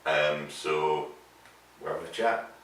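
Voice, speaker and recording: A man with a very deep but bright-edged voice speaks haltingly as a band guest, restarting phrases and laughing often. He is far from the mic in a very echoey room with faint noise. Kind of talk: casual interview chat.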